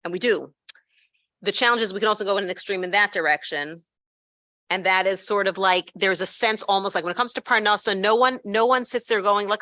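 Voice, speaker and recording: A woman relates a story at an educators' event, teaching conversationally with rapid asides and self-corrections. She speaks at a medium pitch in a pushed, bright voice, and the sound has no echo.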